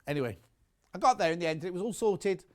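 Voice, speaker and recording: A man's voice: high voice, lively intonation, fast, a little mellow. A man presenting on a live shopping channel, chatty and enthusiastic, rambling into personal asides between prices.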